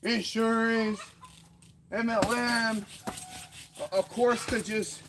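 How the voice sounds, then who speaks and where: A man's voice: very high-pitched, steady tone, takes it slowly, gravelly, noisy background. A man talking loosely through a boxing workout in an outdoor yard gym, breathing hard, swearing and laughing as he rambles. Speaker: fitness vlogger. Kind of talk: casual rambling talk during a workout. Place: outdoor home gym under trees on rural land. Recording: loud outdoor background with roosters and dogs.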